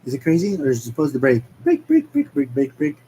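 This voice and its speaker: A man's voice: mid-range voice, rapid-fire, mellow, a little hiss or hum, close to an everyday voice, poor audio. A man reading a movie script aloud and voicing a hyper, cocky young male hedgehog hero, squealing and whooping playfully. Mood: excited.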